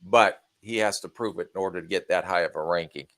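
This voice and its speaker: Deep-voiced man giving measured answers. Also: a bit bright, no echo. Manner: measured, plain-spoken, brief answers. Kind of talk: casual sports podcast chat.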